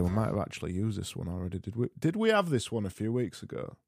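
A man's voice: lowish voice, big pitch swings, fast talker, vocal fry, few pauses, a little mellow, faint music behind. Sarcastic Yorkshire man hosting a podcast. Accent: Barnsley, Yorkshire. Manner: rambling, self-mocking and sarcastic. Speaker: podcast host. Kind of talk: solo podcast with quiz segments.

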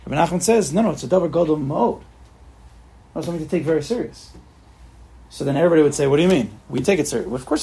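Gravelly-voiced man teaching a Torah class. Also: a little high, mellow. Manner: repetitive restarts, rhetorical questions, mixes Hebrew terms. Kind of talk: casual spoken Torah class.

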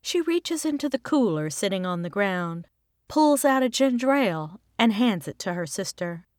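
A woman from Texas, an author reading her own short story aloud in an even, clear way. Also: medium pitch, normal speed, dry recording, studio quality. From Texas, United States. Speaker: author and narrator. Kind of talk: scripted storybook narration.

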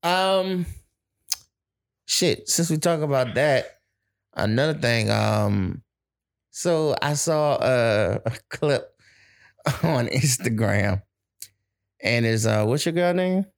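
A man's voice: medium pitch, lively intonation, slow, creaky, long pauses. A blunt man trades stories in a loose, casual chat with his partner. He talks in a profane, everyday way, pushing his point without holding back.

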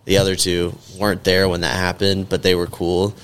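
A man's voice: low-pitched, completely flat delivery, normal speed. A man in casual podcast chat, telling a rambling, profane story full of fillers.

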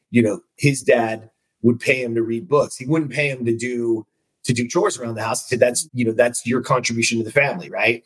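A man's voice: mid-range voice, husky, low-quality recording. A man hosting a casual conversation, reflective and recapping points with asides. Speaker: podcast host.

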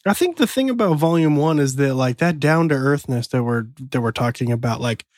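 A man's voice: mid-range voice, expressive, brisk, a little mellow, dry recording. Upbeat podcast guy, voice goes up and down a lot, dry close sound. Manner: upbeat, laughs easily. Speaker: podcast co-host. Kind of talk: casual chat.

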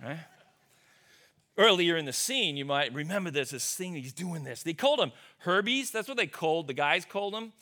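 A man preaching a sermon as a pastor, telling stories in an animated, conversational way. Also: on the high side, moderate pace.

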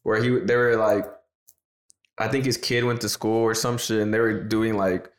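A man's voice: on the low side, level tone, moderate pace. A young man co-hosting a podcast in casual chat, telling things matter-of-factly. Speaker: podcast co-host. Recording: roomy echo.

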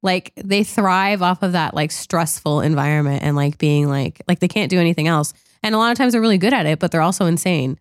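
A young woman co-hosting a podcast chats casually while reviewing a film, laughing often and acting out quotes, one with a swear. Her voice sits on the low side and she talks briskly with hardly any pauses. The sound is studio quality with no echo.

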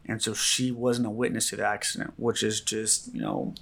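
A man, a rescue medic, giving a calm first-hand account in an interview, halting and full of fillers and repeats. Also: on the low side, gravelly.

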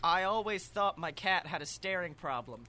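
Wysoki, jasny męski głos, podcast komediowy. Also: male voice, sits high, animated, normal speed, bright, forceful tone. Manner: laughs often, jokey asides. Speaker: podcast co-host. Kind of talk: comedic reading of horror stories.

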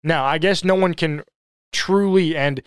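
A man's voice: fairly high pitch, a little slow, clean tone, dry recording, clean studio sound. A man giving a sermon-style Bible study talk, earnest and emphatic, who asks rhetorical questions and leans hard on repeated phrases. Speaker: Bible teacher.

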